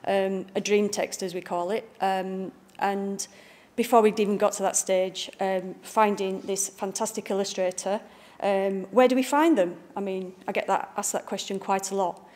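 A woman from the north of England gives an informal lecture in her broad local accent, lively and full of jokes. Her voice sits at an ordinary middle pitch for a woman, and she talks to the room like old friends. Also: normal speed. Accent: Northern English. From Bradford, northern England. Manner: chatty, bubbly, jokey. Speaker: picture book art director giving a talk. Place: library event room with a live audience.

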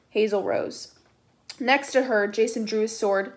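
A woman's voice: a little high, moderate pace. Woman reading a novel aloud. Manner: plain, steady narration with casual asides. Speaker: reader.

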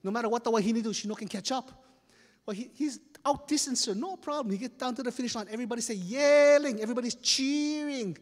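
A man's voice: very high voice, quick pace. A man speaking with a Hawaiian Pidgin English accent, performing a story live on a festival stage in a playful, dramatic way. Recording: long hall reverb.

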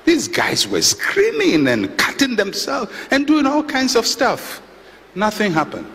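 Man, pastor's sermon, chatty storytelling with dry wit, lively rising and falling pitch, long hall reverb. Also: a little slow, vocal fry. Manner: conversational storytelling with dry humor and chuckles. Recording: reverberant hall with faint background noise.

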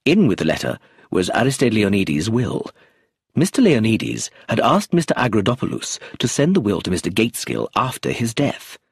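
A calm senior police official, put on by a male narrator laying out the facts briskly. His voice is low and husky but lively in pitch. The sound is dry. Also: no room sound, full character voice. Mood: explaining.

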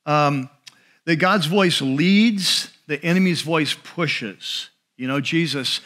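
A male pastor giving a sermon in a conversational way, slowing and dropping his voice on key phrases. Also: fairly high pitch, a bit bright. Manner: conversational preaching with restarts and asides.

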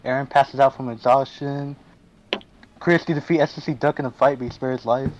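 A man's voice: medium pitch, steady tone, fairly quick, a little mellow, highs cut off, slight background noise. A young man reading out game events to friends, laughing and swearing in surprise. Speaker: gaming video host.

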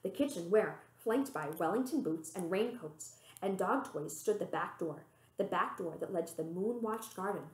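Librarian, woman, storybook read-aloud, expressive, roomy echo. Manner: expressive, voicing the characters with pitch lifts.

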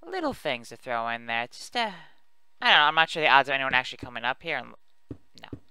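A man's voice: medium pitch, sing-song, fast talker, bright, forceful tone, clean tone, no room sound. A man giving casual, rambling commentary while building in a video game, chatty and self-mocking as he talks to his viewers. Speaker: let's play host.

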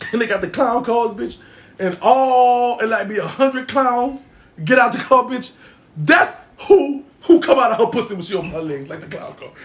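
Here the internet personality's voice is extremely high, animated and a bit bright, moving a little slowly. He rants through a profane comedic roast, bragging, swearing nonstop and laughing often.

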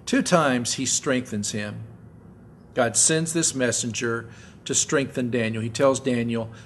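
A man's voice: medium pitch, a little slow, slight background noise. A man preaching a sermon in church, talking with the congregation and acting out what people say, often asking "right?". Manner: acts out quoted voices with swings between loud and soft; conversational, repeats words and asks the audience "right?". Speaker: pastor. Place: church sanctuary.

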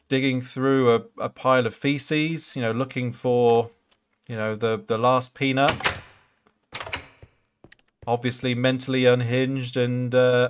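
A man's voice: mid-range voice, a bit bright. A man streaming a game live, chatting casually and rambling through answers to viewer questions. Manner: casual, swears freely. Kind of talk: live gameplay commentary and chat.

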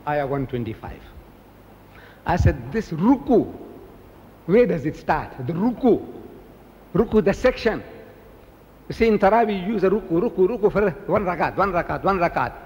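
An older man from South Africa giving an animated public lecture, telling stories and mimicking the people in them. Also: high-pitched, normal speed, long pauses, long reverb tail. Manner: animated storytelling, mimicking others. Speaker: preacher.

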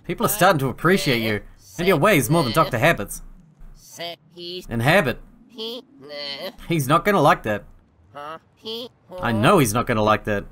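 A man's voice: mid-range voice, animated, moderate pace, pauses often, fairly bright tone, close to an everyday voice. A man reading aloud a game's sulky young male ex-assistant who whines about his bad teeth, in a plain voice with a self-pitying ramble. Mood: sulky, gossipy. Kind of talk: reading game dialogue aloud.

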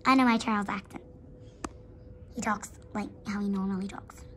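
A woman's voice: medium pitch, steady tone, normal speed, pitched below the performer's own voice, lightly acted. A woman voicing a protective, clingy mother horse who fusses and pleads with her son, with faint hiss behind her. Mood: insistent. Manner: pleading, fussing.

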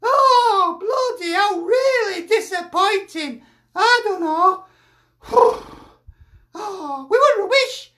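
A man's voice: extremely high pitch, animated, takes it slowly, bright, forceful tone, exaggerated voice. A man voicing a sweary, exasperated older northern aunty, a football fan with a Lancashire accent, ranting and sighing in a comic video. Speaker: football pundit persona.

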